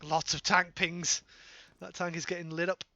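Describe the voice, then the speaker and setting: A British man giving live play-by-play commentary on an online shooter match, playful, with joking asides and quick self-corrections. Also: high voice, level tone, pushed and bright, highs cut off. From Britain. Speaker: esports caster.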